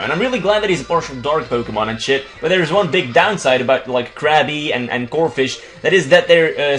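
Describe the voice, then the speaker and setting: A young man, not an English speaker, talks through a video game in loose, crude let's play commentary. His voice sits a touch high and jumps around lively, with faint music playing behind him. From Belgium. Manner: casual, crude and rambling, with many restarts.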